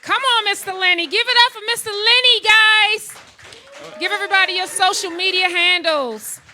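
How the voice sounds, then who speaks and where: A woman's voice: extremely high pitch, normal speed, bright, forceful tone, some chatter behind. A woman hosting a live comedy show, upbeat as she introduces and thanks the guests. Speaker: show host.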